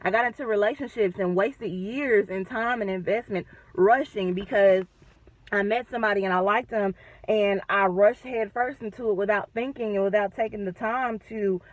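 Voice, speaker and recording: A woman talking in a casual faith vlog from her car, animated and chatty with self-deprecating humor. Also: mid-range voice, normal speed, dry recording, poor audio. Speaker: vlogger.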